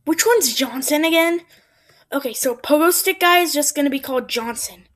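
A woman giving excitable let's play commentary, yelping at mishaps and dropping into whispered asides. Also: high voice, moderate pace. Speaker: gameplay commentator.

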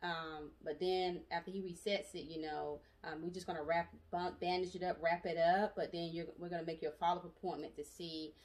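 A woman's voice: fairly low pitch, a little fast, hardly any pauses. Brief: young adult woman, chatty storytelling vlogger, recorded a little far from the mic. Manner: chatty, animated, with frequent asides and laughs. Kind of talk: casual storytelling vlog. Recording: voice distant from the mic.

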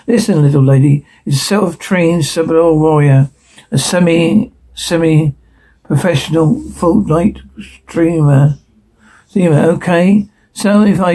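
Gravelly man voicing a whole cast. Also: a little high, dark tone, low-quality recording. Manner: switches between characters, reads sound cues aloud. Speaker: voice performer. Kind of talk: solo dub of a TV scene.

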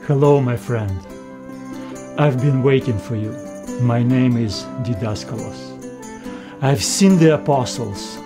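A man playing a wise, devoted Greek sage who speaks in a solemn, unhurried way. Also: mid-range voice, music in the background.

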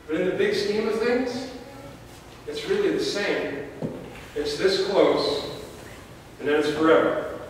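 A man preaching a sermon, his slightly high voice carried by a long church reverb. He tells stories and jokes with dramatic pauses, heard from a distance with faint room noise behind him. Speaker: pastor. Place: church sanctuary. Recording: echoey church hall from far off, faint noise.

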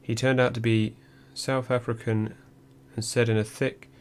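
A man reading a first-person memoir audiobook in a measured, dry storytelling manner. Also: medium pitch, flat delivery, clear, resonant tone. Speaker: audiobook narrator.

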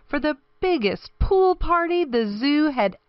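A woman reading a children's picture book aloud, slow and expressive, her voice rising and falling a lot. The recording is dry with a slightly dull sound. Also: high-pitched, dry recording. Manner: expressive, storytelling lilt. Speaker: storybook reader.

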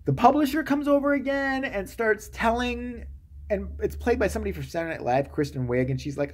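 A man's voice: sits high, lively intonation, fairly quick. A man giving a comedic, sarcastic movie-review rant, swearing freely and acting out the characters' lines.

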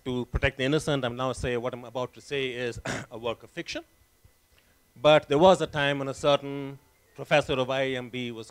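A middle-aged man giving a humorous family tribute speech at an honoring event, telling a story with dry, wry asides. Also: medium pitch. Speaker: son of the honoree, family speaker.

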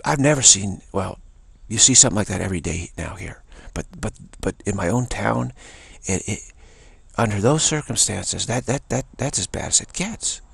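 A man's voice: lowish voice, expressive, moderate pace, vocal fry, a bit bright, husky, no room sound. A man telling a rambling, indignant story in a casual talk. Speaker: spiritual channel host. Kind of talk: casual spoken anecdote.

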